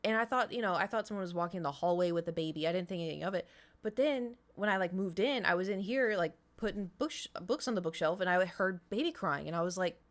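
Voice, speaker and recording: A woman's voice: lowish voice, animated, fast. A woman, chatting casually to her live stream audience and telling stories full of sound effects and whispered asides, her voice a little strained. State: voice slightly strained.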